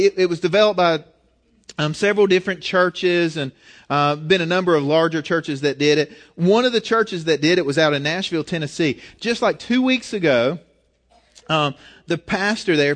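Male pastor, high voice, earnest conversational sermon delivery with frequent restarts. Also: a bit bright.

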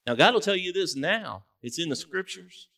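Pastor, chatty and folksy sermon delivery, animated swings in pitch. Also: male voice, normal speed, creaky. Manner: conversational, joking asides, folksy. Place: church. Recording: distant mic in a church.

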